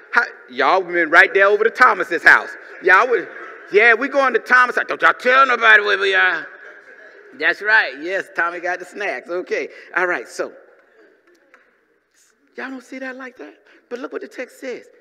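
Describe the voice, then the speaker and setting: Bright-voiced lively preacher in a reverberant church. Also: male voice, sits high. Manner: lively preacher with humorous asides and call-and-response. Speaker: pastor. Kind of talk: sermon.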